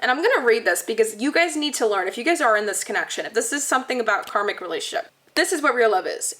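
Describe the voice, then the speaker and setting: A woman's voice: fairly high pitch, very animated, quick pace, a bit bright. A woman giving a pick-a-card tarot reading to her viewers, earnest and blunt, speaking straight to them. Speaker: tarot reader. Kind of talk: direct-to-camera tarot reading.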